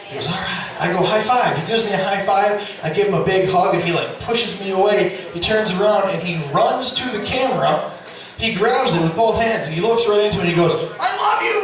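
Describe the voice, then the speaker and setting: A middle-aged man doing stand-up storytelling, animated and profane, with loud yelling bursts. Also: sits high. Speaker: stand-up comedian. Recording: echoey club, distant mic, audience. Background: audience laughter.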